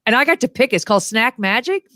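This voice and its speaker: Animated middle-aged woman telling funny stories. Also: on the high side, quick pace, no room sound, clean studio sound. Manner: animated storyteller, acts out quotes in voices. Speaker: guest, motivational humorist. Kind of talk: casual interview chat. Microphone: video call.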